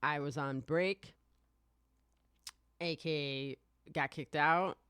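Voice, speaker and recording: A podcast host in their forties, chatting excitably on a live stream, rambling, laughing often and swearing freely. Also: mid-range voice, slow, clean tone, dry recording, clean studio sound.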